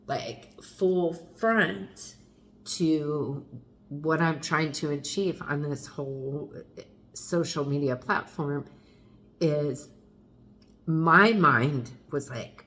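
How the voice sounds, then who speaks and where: A woman's voice: low voice, extremely slow, a bit bright. A middle-aged woman speaking candidly to the camera as a mother, frank and confessional, with wry asides and the odd mild curse. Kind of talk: candid personal vlog.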